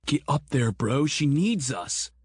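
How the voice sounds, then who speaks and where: A man's voice: fairly high pitch, lively intonation, drawn-out words, dry recording, clean studio sound, voice pushed up, exaggerated voice. A man doing a jumpy, cowardly young guy. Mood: urgent. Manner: pleading, yelling, slangy.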